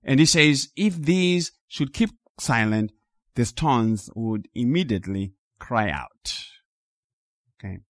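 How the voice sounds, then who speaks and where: A man preaching a sermon in an animated, emphatic way, rising to loud peaks and dropping low. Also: takes it slowly, no room sound, clean studio sound.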